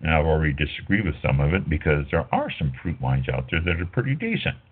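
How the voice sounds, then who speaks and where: A deep-voiced middle-aged man hosts a wine talk show, drifting from point to point with plenty of "uh"s and quick self-corrections. His voice comes through a thin, phone-like line. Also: sing-song, husky. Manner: rambling, filler-heavy, self-correcting. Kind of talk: casual talk radio monologue.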